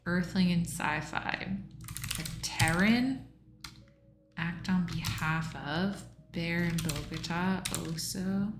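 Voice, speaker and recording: A woman's voice: fairly low pitch, slow pace, music in the background. A woman livestreaming a crossword solve, reading clues aloud and musing over answers in casual think-aloud talk. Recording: roomy echo.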